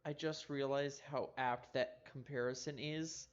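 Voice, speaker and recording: A woman's voice: a bass voice, fairly even intonation, unhurried, clean tone. A woman co-hosting a live stream, chatting casually with a giggly, playful manner. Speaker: stream co-host. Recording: dull lo-fi mic.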